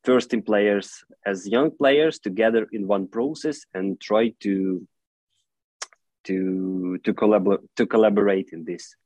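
Man, low and halting. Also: darkish tone, no room sound, low-quality recording. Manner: halting, earnest, many "you know" fillers. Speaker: football club director, guest. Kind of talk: interview answers.

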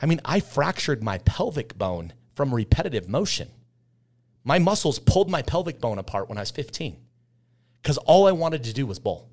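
Guy in his 30s guesting on a podcast, intense and emphatic, keeps repeating lines for punch, middle pitch. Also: very animated, moderate pace. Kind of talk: candid conversational storytelling.

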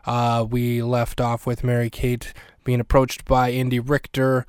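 A man's voice: medium pitch, monotone, unhurried, clean tone, dry recording, studio quality. A man hosting a podcast, recapping an episode in a chatty, wry way with lots of fillers and restarts. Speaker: podcast host. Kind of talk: casual solo recap commentary.

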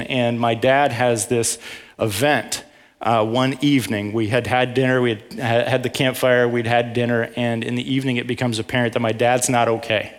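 A man's voice: medium pitch, fairly bright tone, in a large hall. A man giving a conversational sermon as a Bible study teacher, telling a story with wry asides and questions to the audience.

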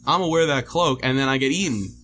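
A man in a casual podcast chat who reacts excitably and swears a lot. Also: medium pitch, fast talker, faint music behind. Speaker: podcast co-host.

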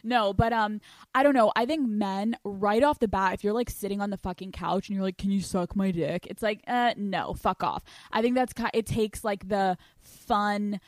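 A woman's voice: mid-range voice, normal speed, no echo. Blunt, profane woman podcast host. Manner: blunt, heavily profane, joking. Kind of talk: casual frank sex-talk podcast.

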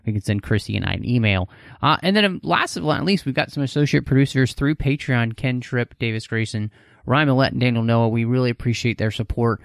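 A man from Texas hosts a podcast in an easy, rambling way, full of fillers. His voice sits at an ordinary middle pitch. The sound is dry and close, with no room around it. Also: a little fast, vocal fry, dry recording. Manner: chatty, rambling with many fillers. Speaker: podcast host. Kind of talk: casual podcast chat and show plugs.

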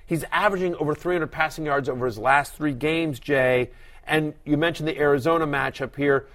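A middle-aged man with a fairly high voice hosts a fantasy football talk show. He speaks with emphatic energy, builds his points forcefully, and slips into mock voices to act out what others would say. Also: a little fast. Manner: animated, emphatic, acts out quoted voices. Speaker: fantasy football analyst host. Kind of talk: casual sports talk.

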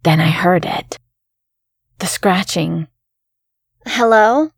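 A woman reading a first-person horror story in a calm, measured way as the show's narrator. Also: medium pitch, gravelly, breathy edge, no room sound, clean studio sound.

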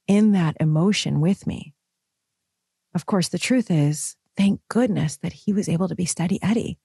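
A woman's voice: lowish voice, slightly rough, no echo, clean studio sound. A young woman, a new mother, speaking candidly and emotionally in a personal vlog.

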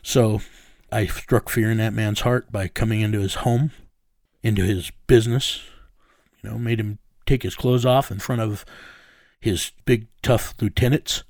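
A man being interviewed, recounting a raid in low, measured storytelling that sinks to a menacing hush. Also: fairly even intonation, no room sound, studio quality. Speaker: interview guest.

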